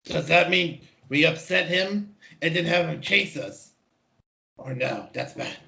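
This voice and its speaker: Guy playing a simple-minded childlike performer, high, slow, gravelly and bright, talks in broken bits. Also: lively intonation, heavily acted. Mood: naive. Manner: simple halting speech, dropped articles. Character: naive childlike male performer character Twang. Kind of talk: in-character tabletop role-play.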